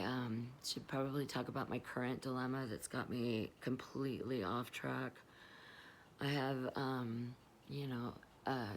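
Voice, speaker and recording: A woman's voice: extremely low pitch, a little hiss or hum. A middle-aged woman talking candidly and rambling in a confessional vlog, swearing freely while stoned. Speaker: vlogger.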